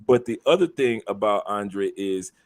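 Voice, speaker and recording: A man's voice: on the low side, expressive, normal speed, darkish tone. Easygoing male host, casual chat. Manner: easygoing, repeats words as he thinks. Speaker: host of a live show.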